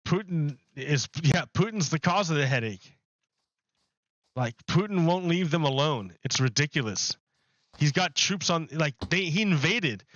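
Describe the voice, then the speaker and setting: A man's voice: fairly high pitch, animated, measured pace, fairly bright tone, no room sound, muffled recording. A man chatting casually while livestreaming a game from his apartment, rambling and loose with his words. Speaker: game streamer. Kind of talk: casual live-stream chat. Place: home apartment.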